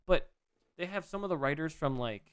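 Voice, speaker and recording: An excitable man rambling through a casual podcast chat, piling on asides as he goes. His voice is smooth and clear, recorded close and dry with no room around it. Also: on the high side, fairly quick, dry recording. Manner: rambling, excitable, swears freely. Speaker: podcast co-host.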